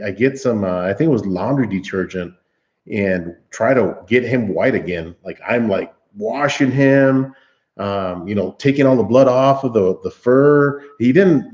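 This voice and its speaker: A livestream host with a lowish, darkish voice tells his chat a long story, laughing as he goes. The sound is lo-fi, and his casual telling rambles with frequent restarts.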